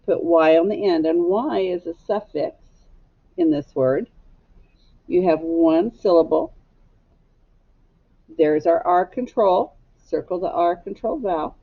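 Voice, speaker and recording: A woman teacher giving a phonics lesson to young children, sounding out syllables slowly and patiently. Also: lowish voice, phone-quality sound.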